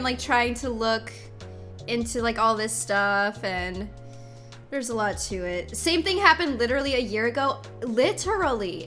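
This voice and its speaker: A woman's voice: high voice, fairly bright tone. A woman streamer chatting with her viewers, giggly and effusive, exclaiming often. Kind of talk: live-stream chat with viewers.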